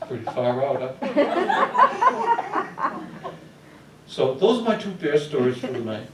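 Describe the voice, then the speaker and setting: A man telling comic stories to a live audience on a small theater stage, playful and animated, acting out sounds. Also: sits high, slow, recorded from a distance, background noise. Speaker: storyteller at open mic. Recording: roomy hall, heard from afar.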